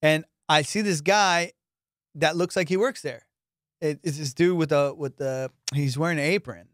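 A podcast host with a fairly high-pitched voice chats casually at a normal speed, telling stories packed with swearing and frequent laughter. The audio is clean studio sound with no echo.

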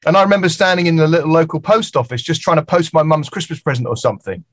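A fairly high-pitched, fast-talking middle-aged man from England, a music producer, speaks freely on a casual podcast as a guest. He animates his stories by acting out quoted voices. No echo is audible.

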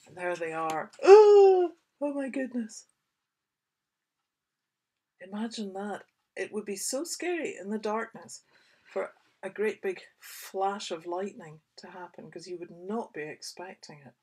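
A woman, a children's author, reading her picture book aloud for young children with expressive, whispery asides. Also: fairly low pitch, measured pace, slightly rough.

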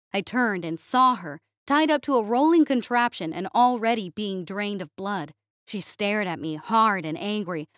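Female storyteller for sci-fi narration, steady and expressive, dry recording. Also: mid-range voice, no echo.

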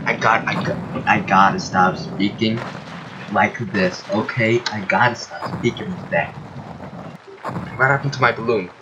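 A young man casually commenting on his gameplay, excitable and yelping with surprise. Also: on the low side, measured pace, muffled recording, background noise. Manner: excitable, shouts and yelps of surprise. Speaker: gaming streamer.

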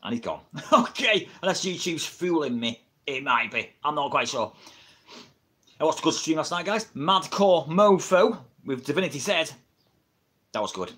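A man's voice: fairly high pitch, lively intonation, normal speed, fairly bright tone, slightly rough. A middle-aged man with an English accent, chatting casually on a livestream, rambling and laughing often, recorded on a built-in camera mic at home. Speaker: wrestling livestreamer. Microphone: built-in camera mic, no microphone.

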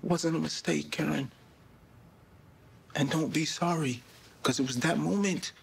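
A man's voice: on the high side, measured pace, gravelly, breathy edge, full character voice. An actor playing a man confronting his ex in a TV drama clip. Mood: hurt.

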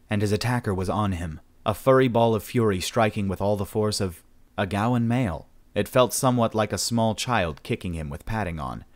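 A male audiobook narrator with a very deep voice. He reads a sci-fi story in a steady, measured way, keeping an even storytelling pace. The delivery stays grounded and unhurried.

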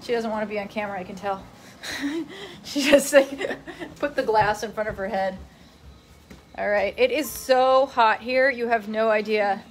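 A woman's voice: medium pitch, normal speed, slight background noise. A young woman in casual, rambling live-stream chat from her family home at night, reading out viewer comments. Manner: rambling, chatty, scattered.

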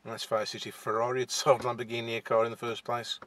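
A man's voice: medium pitch, flat delivery, fast, fairly bright tone. Shy Midlands man vlogging from his car. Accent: West Midlands (Wolverhampton). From England. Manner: shy, hesitant, many fillers and restarts. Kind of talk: casual to-camera chat. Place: inside a parked car.

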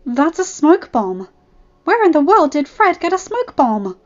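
A woman's voice: sits high, sing-song, unhurried, highs cut off, pitched above the performer's own voice. A woman voicing a worried, thoughtful teenage girl's inner thoughts, in a story reading. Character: teen girl, worried and thoughtful.

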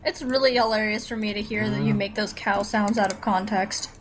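A woman's voice: medium pitch, steady tone, fairly quick, noisy background. A young woman chatting casually during a game with friends, offering helpful tips. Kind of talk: casual gaming chat with friends. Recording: keyboard clicks and typing.

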